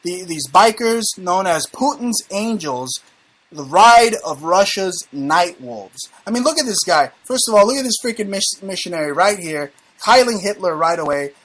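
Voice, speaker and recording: A man's voice: sits high, lively intonation, normal speed, a bit bright. A man hosting a casual talk show, brash and profane, joking and mocking as he reads the news. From United States. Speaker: show host.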